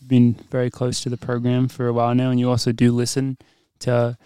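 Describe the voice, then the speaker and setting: A man hosting a podcast in easy, casual chat, often breaking into laughs. His voice is clean and smooth at a middling pitch, recorded close and dry. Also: completely flat delivery, brisk, dark tone, no room sound. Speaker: podcast host.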